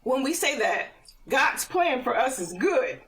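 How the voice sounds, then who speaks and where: Animated middle-aged woman, a bit off-mic. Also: high-pitched, unhurried, distant mic, poor audio. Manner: animated storyteller, laughs often. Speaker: podcast guest. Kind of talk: personal testimony in casual conversation.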